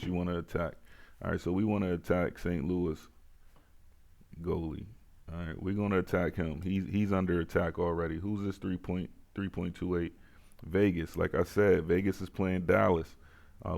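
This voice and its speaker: A man's voice: low-pitched, gravelly, darkish tone. A man hosting casual sports betting picks, laid-back and repeating himself as he talks to viewers.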